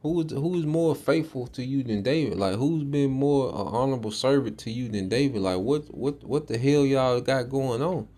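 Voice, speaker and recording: A man's voice: medium pitch, normal speed, hardly any pauses, warm tone, pitched above the performer's own voice, natural voice. A man voicing an indignant priest who questions a king with exasperated disbelief.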